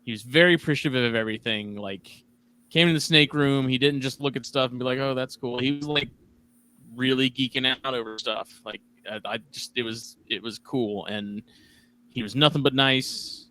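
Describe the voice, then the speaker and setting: A man's voice: mid-range voice, moderate pace, sharp tone. A man hosting a podcast in casual chat, telling stories animatedly and acting out his own past remarks. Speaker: podcast host.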